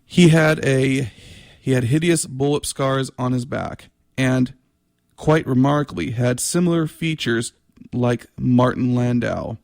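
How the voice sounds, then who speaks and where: A man reads aloud from his own novel, taking his time and sometimes tripping over a word and starting it again. His voice has a gravelly, creaky texture and an unhurried pace. The sound is close and dry, with no room echo. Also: medium pitch, a little mellow. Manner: measured reading with occasional stumbles and restarts.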